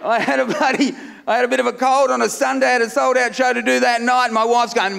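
A middle-aged Australian man doing a loud, brash stand-up comedy set on a festival stage, laughing at his own jokes. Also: very high-pitched, steady tone, fast talker, gravelly. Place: comedy festival stage before a live crowd. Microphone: stage microphone.

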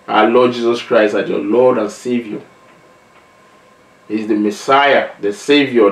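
A male evangelist preaching a sermon in an earnest, conversational way, often adding "you know" and "man". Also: mid-range voice. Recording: roomy, echoey sound from a distance.

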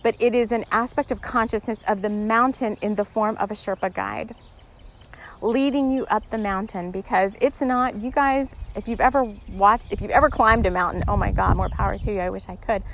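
A woman's voice: medium pitch, moderate pace, a bit bright. A woman hosting a spiritual podcast, talking casually and earnestly, rambling with many restarts and getting emotional. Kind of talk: casual spiritual guidance talk.

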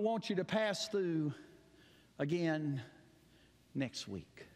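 A man preaching a sermon as pastor, telling stories dramatically, swinging between loud cries and quiet asides. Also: on the high side, sing-song, slow, long pauses. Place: church sanctuary. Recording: long church hall reverb.

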